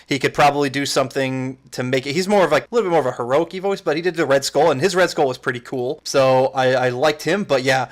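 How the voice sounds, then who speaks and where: A man's voice: medium pitch, fast, few pauses. A man co-hosting a podcast in casual chat, rambling with fillers and restarts. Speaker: podcast co-host.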